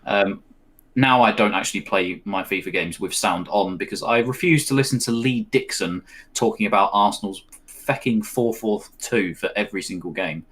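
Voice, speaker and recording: A low-voiced man talks through a football match live with a friend. He rambles with fillers and chuckles between calls of the play. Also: moderate pace, a bit bright. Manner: chatty, rambling, with fillers and laughs. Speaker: co-host of a match watch-along.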